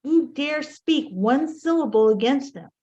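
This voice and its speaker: A woman's voice: high-pitched, lively intonation, a little slow, darkish tone, highs cut off. Sir Thomas Lovell, a woman reading a loyal knight. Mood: earnest. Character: loyal courtier knight, earnest and dutiful. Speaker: reader in a play reading. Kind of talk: amateur Shakespeare reading.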